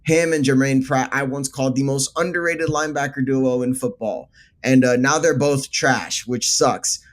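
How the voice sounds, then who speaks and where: A man's voice: medium pitch, fairly even intonation, moderate pace. A man co-hosting a casual sports chat, emotional and exasperated, with frequent stammering restarts. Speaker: co-host.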